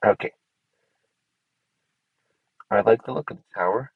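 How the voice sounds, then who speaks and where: A man's voice: fairly low pitch, unhurried, slightly rough, dry recording, phone-quality sound. A man giving casual commentary to himself while he builds in a game. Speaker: gameplay streamer.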